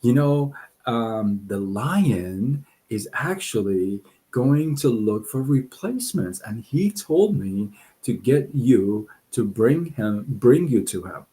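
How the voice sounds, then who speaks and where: A man's voice: mid-range voice, sing-song, takes it slowly, warm tone. A man voicing a sly male fox who coaxes and talks others into things. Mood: coaxing. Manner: coaxing, persuasive. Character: sly male fox, smooth-talking trickster.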